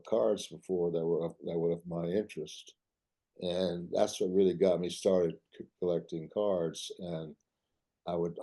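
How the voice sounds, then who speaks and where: An older man giving a talk, reminiscing in a halting way full of restarts. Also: low-pitched, dark tone. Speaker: artist giving a club talk.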